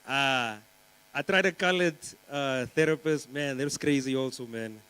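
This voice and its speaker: A man's voice: mid-range voice, moderate pace, a bit bright, clean tone, poor audio. A young man from Namibia, performing a rambling stand-up comedy set at a conference and teasing the crowd. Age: young adult. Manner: chatty, rambling, teasing the crowd with lots of fillers. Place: conference stage before a live audience.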